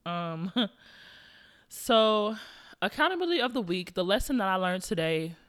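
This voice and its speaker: A woman's voice: medium pitch, lively intonation, measured pace, fairly bright tone. Brief: young woman podcast host, loose slangy chat straight to listeners. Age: young adult. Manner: chatty, slangy, addresses listeners directly. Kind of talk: casual solo podcast chat.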